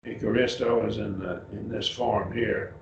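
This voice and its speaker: A man teaching a Bible class, going through Greek words at an easy, halting pace and calling on students by name. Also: fairly low pitch, steady tone, creaky, a little hiss or hum. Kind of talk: Bible class lesson, Greek word study. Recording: roomy, dull lo-fi class recording.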